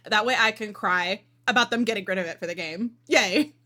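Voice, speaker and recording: Woman, streamer, casual reaction talk, excitable, mock outrage, bright tone. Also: medium pitch, brisk.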